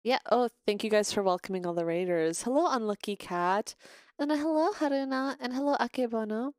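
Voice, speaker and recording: A woman's voice: on the high side, brisk, no echo, clean studio sound. A woman live-streaming a game, chatting casually in a rambling way, swearing freely and breaking off to greet viewers. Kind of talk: casual live-stream chat while gaming.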